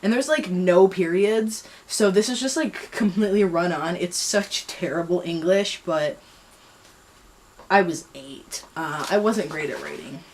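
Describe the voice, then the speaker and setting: Young woman vlogger with a lowish voice, rambling, self-mocking, lots of fillers. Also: a little slow, a little hiss or hum. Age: young adult. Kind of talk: casual commentary on reading.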